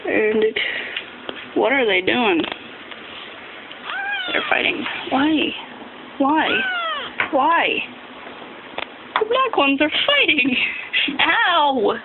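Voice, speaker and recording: A woman's voice: high voice, big pitch swings, very slow, long pauses, narrow, tinny audio, noisy background. A woman filming her kittens at home, cooing at them in giggly baby talk. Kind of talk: casual home video.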